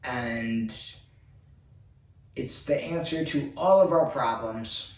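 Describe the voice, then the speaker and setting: A man's voice: medium pitch, takes it slowly. Exasperated man ranting, echoey distant sound. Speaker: basketball fan commentator. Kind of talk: frustrated fan rant.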